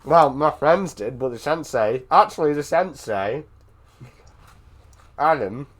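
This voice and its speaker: A British man chatting casually with a friend, telling an animated story, swearing freely and often restarting his sentences. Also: on the high side, slow. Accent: British English. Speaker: streamer. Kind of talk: casual chat on a voice call.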